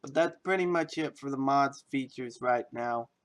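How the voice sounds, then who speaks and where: A man's voice: mid-range voice, normal speed, dry recording. A man who makes game mods, giving a casual, offhand video walkthrough of his work. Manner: rambling, offhand. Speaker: game modder.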